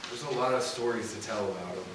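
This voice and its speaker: A man's voice: lowish voice, fast talker, background noise. A young man telling stories about his grandfather in a eulogy, with many "you know"s and restarts. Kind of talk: eulogy storytelling. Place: funeral service hall. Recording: echoey hall, mic from far off. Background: audience laughter.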